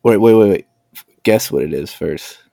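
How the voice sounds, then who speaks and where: A man's voice: on the low side, lively intonation, moderate pace, vocal fry, dark tone, no echo, clean studio sound. A man co-hosting a casual podcast, bantering in a goofy, attention-seeking way. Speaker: podcast co-host. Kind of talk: casual chat.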